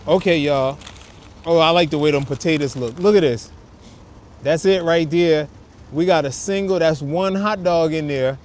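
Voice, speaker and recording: A man's voice: fairly high pitch, normal speed, darkish tone. A man hosting a casual food review vlog, chatting to viewers in laid-back slang outdoors on a windy city street. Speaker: food vlogger host.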